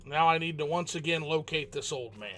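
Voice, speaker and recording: A man's voice: on the high side, fairly quick, bright, forceful tone. A man giving joking let's play commentary, chatting back at the game's characters. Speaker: gaming channel host.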